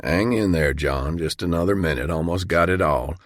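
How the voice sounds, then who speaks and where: A man's voice: low voice, normal speed, dry recording, clean studio sound, lightly acted. A man voicing a jovial small-town male dentist who talks in a cheerful, matter-of-fact way. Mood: reassuring.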